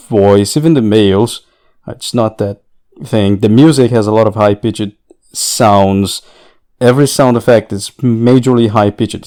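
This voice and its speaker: A man's voice: on the low side, darkish tone. A man co-hosting a podcast, chatting casually and laughing between his points. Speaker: podcast co-host. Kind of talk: casual chat.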